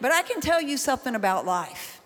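A woman's voice: sits high, very animated, a little fast, slight background noise. A woman preaching a sermon, folksy and talking straight to the crowd, building into a rhythmic, chant-like exhortation. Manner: folksy, direct address to the crowd.

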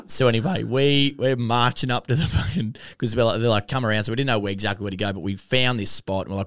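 A man co-hosting a podcast, telling a story in animated, laughing banter and swearing freely. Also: medium pitch, fast, few pauses, clean tone, no echo, studio quality. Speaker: podcast co-host. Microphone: podcast mic with headphones.

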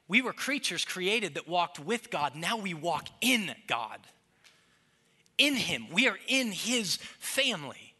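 A man, likely in his thirties, preaching a sermon as pastor, building to emphatic peaks and dropping soft to act out little scenes. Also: sits high. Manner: preaching with rising emphasis, quoting his toddler in soft voices.

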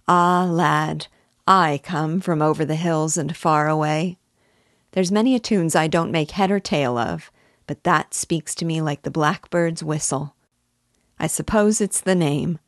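A woman reading as a homely, sentimental older gentleman. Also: sits low, fairly even intonation, unhurried, no room sound, clean studio sound. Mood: fond. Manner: homely, reminiscing.

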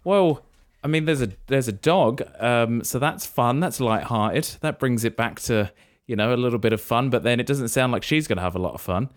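A man's voice: mid-range voice, normal speed, hardly any pauses. A man hosting a casual podcast chat about a film, joking with playful asides. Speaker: podcast host.

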